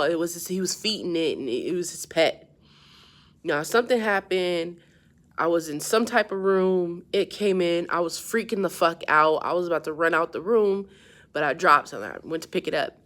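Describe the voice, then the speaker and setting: A woman telling a casual, profane story about a strange dream, starting subdued and growing animated. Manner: animated and profane, grows louder and more excited as the story builds; low-key and subdued at the start. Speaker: vlogger.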